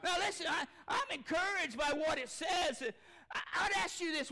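High, bright impassioned preacher man. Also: normal speed. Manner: impassioned, shouting at peaks, folksy. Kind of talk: sermon. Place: church sanctuary.

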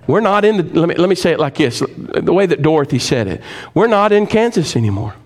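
A man preaching a sermon in a fairly high voice. He questions his congregation directly, climbing to loud, forceful peaks and then sinking to a low, hushed delivery. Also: sing-song, brisk. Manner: speaks straight to the congregation with questions. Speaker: pastor.

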